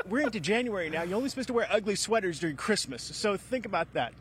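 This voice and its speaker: A man reporting live from a golf course, reeling off stats briskly and trading dry jokes. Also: high-pitched, animated, fairly bright tone, slight background noise. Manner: stat-heavy, brisk, dry joking. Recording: faint outdoor ambience.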